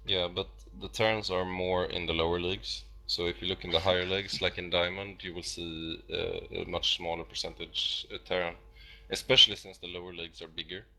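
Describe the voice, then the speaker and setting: A man's voice: sits low, flat delivery, brisk, vocal fry, hardly any pauses, sharp tone. A man casting esports who is losing his voice, talking casually and arguing his points. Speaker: esports caster.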